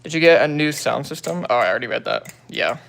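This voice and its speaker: A man's voice: fairly high pitch, animated, fast talker, gravelly, fairly bright tone. A young man hosting a livestream on his phone, casually greeting viewers and answering comments in laid-back slang. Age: young adult. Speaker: livestream host.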